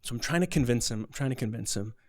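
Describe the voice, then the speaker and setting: A man's voice: mid-range voice, expressive, fast talker, darkish tone. Chatty male storyteller. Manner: casual, chatty, many "like" fillers. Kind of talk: live personal storytelling.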